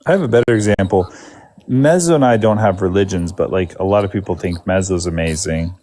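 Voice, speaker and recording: Deep-voiced wisecracking co-host. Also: male voice, brisk, dark tone. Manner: wisecracking, playful bits. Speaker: stream co-host. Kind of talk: casual joking chat.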